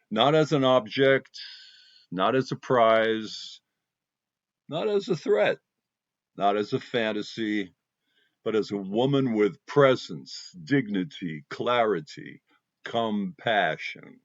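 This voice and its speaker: A man's voice: on the low side, very animated, takes it slowly, pauses often, no echo. A man hosting a heartfelt spiritual talk for his viewers, speaking emotionally and with passion, and repeating phrases for emphasis. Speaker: spiritual channel host. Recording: dull dry lo-fi sound.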